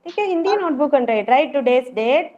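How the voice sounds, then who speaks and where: Fairly quick and expressive, a high, slightly mellow female voice with an Indian English accent leads an online preschool class. She calls out to the children over and over to encourage them, heard through muffled video-call audio.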